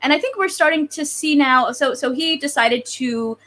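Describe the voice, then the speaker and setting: A woman's voice: sits high, expressive, normal speed, fairly bright tone. A woman hosting a casual discussion, conversational and thoughtful, with frequent fillers. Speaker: host.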